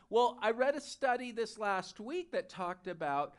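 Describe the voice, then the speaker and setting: A man's voice: high voice, animated, moderate pace, few pauses. A male pastor preaching a sermon, telling a joke story in a loose, conversational way.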